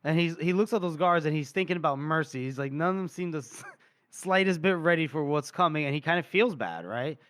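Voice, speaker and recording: A man's voice: fairly high pitch, brisk, fairly bright tone. A man co-hosting a podcast, retelling a book chapter in casual, rambling chat full of fillers. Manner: rambling, filler-heavy storytelling. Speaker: podcast co-host.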